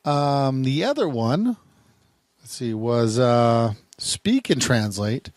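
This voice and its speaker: A man's voice: mid-range voice, big pitch swings, takes it slowly, a little mellow, no echo, clean studio sound. A man working as a private investigator, casually reviewing phone apps in a rambling way, often repeating words and restarting sentences. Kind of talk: casual talking-head app review.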